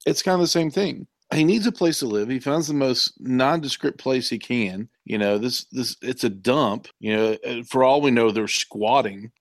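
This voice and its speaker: A man's voice: medium pitch, normal speed, hardly any pauses, dry recording. A man co-hosting a comic book podcast, rambling through stories with plenty of fillers. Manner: rambling, many fillers, storytelling. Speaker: podcast co-host.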